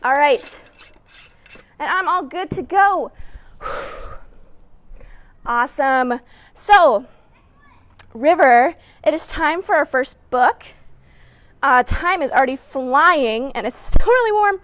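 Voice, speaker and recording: A woman's voice: high-pitched, expressive, slow pace, pauses often, fairly bright tone. A woman hosting a children's story time, leading movement exercises in a playful, encouraging way and humming little sound effects. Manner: playful, encouraging, talks straight to young kids; hums little sound effects and laughs between cues.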